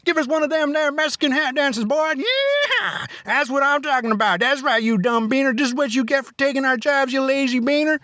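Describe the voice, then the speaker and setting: Guy doing a jeering bully agent, squeaky high and taunting. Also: a little fast, hardly any pauses, pushed and bright, no room sound, clean studio sound. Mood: mocking. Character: sneering, bullying male immigration agent.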